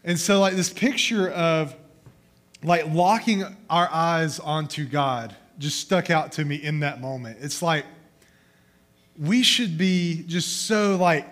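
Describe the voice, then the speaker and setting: A man's voice: fairly high pitch, slow, fairly bright tone. A young adult man preaching a casual youth sermon, asking the room questions and telling stories about his toddler. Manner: conversational, storytelling with questions to the crowd. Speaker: youth pastor.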